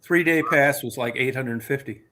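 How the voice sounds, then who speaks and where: A man in mid-pitched casual chat, ranting and swearing freely as he tells a long grievance story. He talks like a host catching up with a regular listener. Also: normal speed, pushed and bright.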